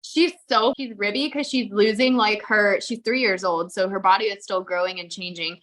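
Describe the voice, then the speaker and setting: Chatting casually as a podcast co-host, this young woman speaks at normal speed in a medium, slightly bright voice. Her talk is full of "like," with the odd swear word thrown in freely.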